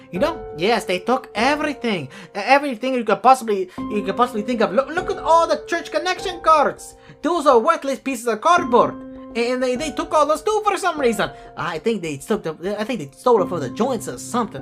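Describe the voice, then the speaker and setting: A woman plays an exasperated churchgoing sister, ranting at her brother and tripping over her words as she piles up complaints. Her voice sits fairly high and swings widely in pitch. Music plays clearly in the background. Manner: stammering, repetitive, ranting. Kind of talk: comedic skit acting.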